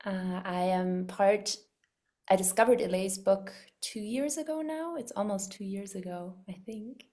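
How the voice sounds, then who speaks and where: A woman guest speaking softly and reflectively in a casual interview. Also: mid-range voice, unhurried.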